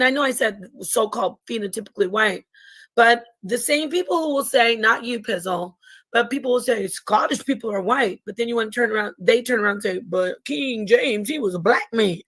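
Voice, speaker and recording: A woman's voice: on the high side, a little fast, fairly bright tone, poor audio. A woman hosting a livestream in casual chat, rambling, correcting herself mid-sentence and laughing often. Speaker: livestream host. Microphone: livestream mic.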